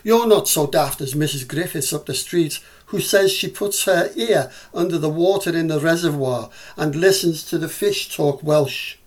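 A man's voice: a little high, normal speed, few pauses, natural voice. A man with a Scouse accent reading the part of a curious small boy who questions his older self. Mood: inquisitive.

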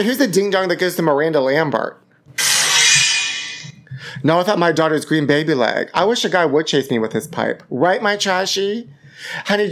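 A man hosting a gossip podcast from his apartment, theatrical and camp, calling listeners honey. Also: a little high. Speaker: podcast host. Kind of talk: campy gossip chat. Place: home apartment. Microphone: podcast microphone.

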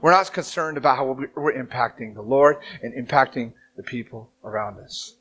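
A man in his thirties preaching a sermon as pastor, telling the story with animated, dramatic acted-out quotes. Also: mid-range voice, moderate pace.

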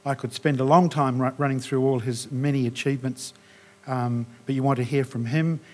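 A man giving a polite, slightly halting formal introduction as an event host. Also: medium pitch, fairly even intonation.

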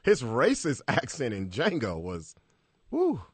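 Lively man chiming in. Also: mid-range voice, a little slow, breathy edge, dry recording. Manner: lively, frequent agreeing interjections. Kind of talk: casual podcast banter.

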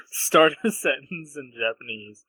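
Young male podcast co-host, slightly high voice, dry close mic, laughs a lot, teasing banter. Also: pushed and bright, husky, no room sound, low-quality recording. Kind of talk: casual chat.

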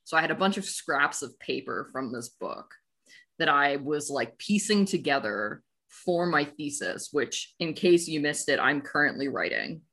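Low-voiced woman podcast co-host, playful. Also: expressive, a little slow, gravelly, a bit bright, slightly rough. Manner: playful storyteller, self-correcting. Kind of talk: casual podcast chat.

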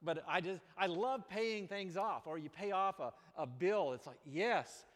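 A man preaching in a large church with a fairly high voice, his words trailing into a long hall reverb. He moves between bright, emphatic bursts and low, earnest stretches as he preaches. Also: normal speed. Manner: animated preaching with sudden loud exclamations and drops to quiet. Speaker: pastor. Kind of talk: sermon.

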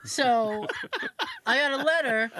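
A woman's voice: a little high, slow pace, sharp tone, dry recording. A woman podcast host chatting casually, acting out other people's lines while telling a story, poking fun at herself and swearing. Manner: self-mocking, swears casually. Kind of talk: casual chat.

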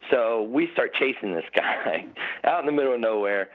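A man's voice: medium pitch, lively intonation, moderate pace. A middle-aged man, a podcast guest, telling rambling, laughing stories about the old days with lots of restarts. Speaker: podcast guest, former motorcycle racer. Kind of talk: casual storytelling chat. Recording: tinny phone-like audio.

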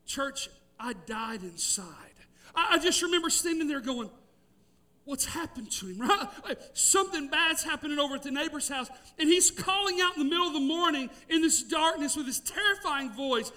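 A middle-aged man, preaching a sermon with emphatic, drawn-out key words and storytelling. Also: very high-pitched, animated, bright, forceful tone, recorded from a distance. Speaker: pastor.

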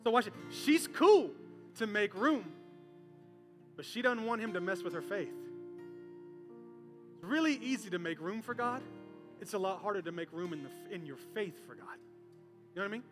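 A man's voice: high-pitched, moderate pace, long pauses, over music. A man preaching a sermon, telling a story with humor and acting out the people in it. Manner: animated storytelling, acting out characters with voices. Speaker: pastor.

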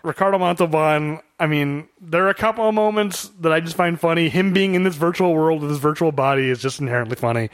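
A man co-hosting a casual film discussion podcast, chatty and quick to laugh as he quotes lines. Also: fairly high pitch, no echo, clean studio sound. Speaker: podcast co-host.

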